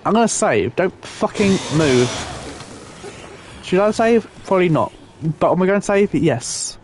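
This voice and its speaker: This is a young man doing let's play commentary. His voice sits a little high and comes through with clear game sounds behind it. He rants, swears and barks orders at the on-screen characters in exasperation. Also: slight background noise. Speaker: gamer.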